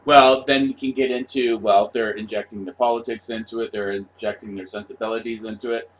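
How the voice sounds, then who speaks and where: A middle-aged man hosting his own channel, delivering a profane, mocking rant with shouted outbursts. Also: lowish voice, fairly even intonation, a little fast. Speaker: commentary channel host. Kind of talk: ranting monologue.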